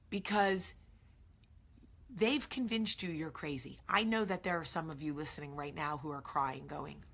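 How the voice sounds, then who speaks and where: Woman, New York area accent, casual vlog host, husky low voice, emphatic, direct to camera. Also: moderate pace, bright, forceful tone. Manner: emphatic and earnest, talks straight to viewers. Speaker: show host. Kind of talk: casual morning vlog monologue.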